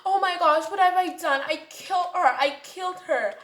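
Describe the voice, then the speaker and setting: A woman's voice: very high-pitched, moderate pace, fairly bright tone, voice pushed up. A woman voicing a mean schoolgirl who panics and threatens, in a frantic then menacing way. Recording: roomy echo.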